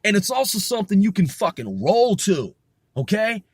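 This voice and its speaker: A man's voice: sits high, very animated, normal speed, husky, dry recording, clean studio sound. A man rapping and explaining his flow in a loose, rambling way, with many restarts and casual swearing. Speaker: rapper. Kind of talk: casual rehearsal talk with rapped lines.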